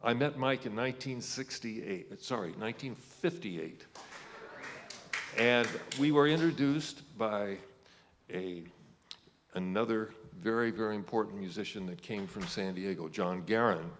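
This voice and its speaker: An older man giving a halting, reminiscing ceremony speech, with many pauses. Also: on the low side, a little hiss or hum. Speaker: inductee presenter. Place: ceremony hall. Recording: hall reverb.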